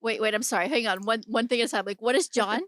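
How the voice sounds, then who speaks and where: Woman with a light texas twang, chatty and animated, laughs a lot, dry close mic. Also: fairly high pitch, no room sound. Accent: Texan, mild. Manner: animated, quick to laugh and exclaim. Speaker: podcast co-host. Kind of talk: casual chat.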